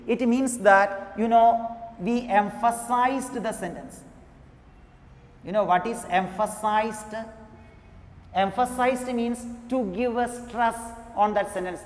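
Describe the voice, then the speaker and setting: A woman teaching an English grammar lesson, talking slowly, repeating each example and saying "you know" often. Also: on the high side. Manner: slow, repetitive, says "you know" often. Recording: echoey room with long reverb.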